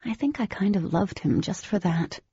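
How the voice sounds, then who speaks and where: A woman giving scripted first-person audiobook narration in a steady, even storytelling manner. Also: medium pitch, moderate pace, slightly rough, no room sound, lo-fi sound.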